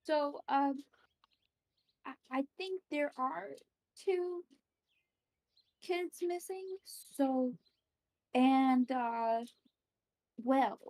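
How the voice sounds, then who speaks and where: A woman's voice: sits high, drawn-out words, long pauses, mellow. A woman playing a tabletop game, describing her character's actions and speaking for her, hesitant, with many fillers. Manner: hesitant, filler-heavy, light. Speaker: player. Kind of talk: tabletop game narration and chat.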